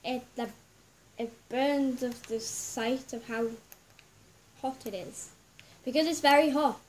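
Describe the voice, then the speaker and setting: High-voiced giggly female gamer, slow talk. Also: steady tone, a little hiss or hum. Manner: giggly, chatty, talks straight to viewers. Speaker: gameplay video host. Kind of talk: casual gaming commentary.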